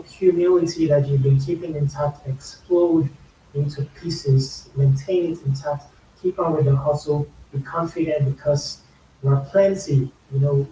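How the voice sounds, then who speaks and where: A man's voice: a little high, fairly even intonation, unhurried, mellow. A man with a Nigerian accent explaining a song's lyrics and slang in casual commentary, repeating phrases for emphasis. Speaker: YouTube music reaction host. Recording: echoey room, mic a bit far, faint hiss.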